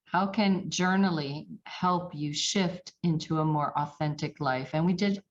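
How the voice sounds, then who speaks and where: A woman's voice: low voice, a little slow, muffled recording. A woman hosting an interview podcast, friendly and affirming as she asks her questions. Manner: friendly, affirming, brief back-channel replies. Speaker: podcast host.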